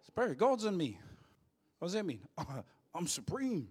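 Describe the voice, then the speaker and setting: With a high, breathy voice that swoops wildly in pitch, a male pastor from New Zealand preaches at a measured pace in a church. He spins cheeky, joking stories throughout the sermon, getting louder when acting out quotes.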